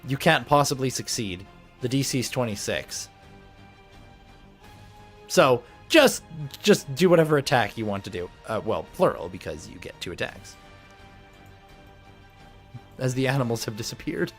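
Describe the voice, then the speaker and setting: A man running a tabletop game as game master, chatty and animated, often laughing as he talks through the rules. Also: mid-range voice, normal speed, long pauses, soft background music.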